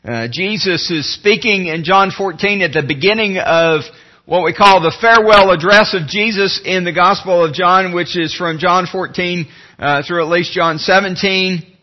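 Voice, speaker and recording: A man preaching a sermon as pastor, earnest, slowing and dropping low when he reads scripture. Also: highs cut off. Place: church sanctuary.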